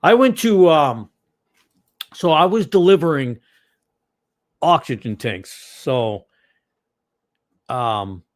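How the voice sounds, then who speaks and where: A man with a Boston accent hosting a ministry livestream, chatting casually and answering viewers in a rambling, digressive way with sudden loud bursts. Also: a little high, expressive, slow, pauses often, dry recording, clean studio sound. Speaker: ministry host.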